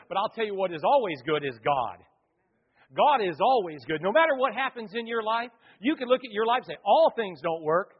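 A man preaching a sermon to a congregation, swinging between loud declarations and quiet asides. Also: sits high, slightly rough, long reverb tail, muffled recording. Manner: preaching with sudden loud swells and quiet drops. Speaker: pastor.

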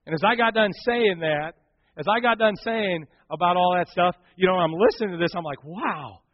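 A man's voice: high voice, fairly quick, dry recording. Man telling a sermon story, dull recording. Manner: dramatic swings from loud to hushed. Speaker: preacher. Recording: dull dry sound.

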